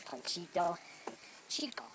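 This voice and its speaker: A man doing a swaggering, self-proclaimed real Mexican who rambles and lectures with a lively, swooping delivery. He sounds a little away from the mic, and the outdoor recording has heavy background noise. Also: high-pitched, measured pace, distant mic. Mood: boastful. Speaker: vlogger in character. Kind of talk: improvised comedy monologue. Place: outdoors among trees.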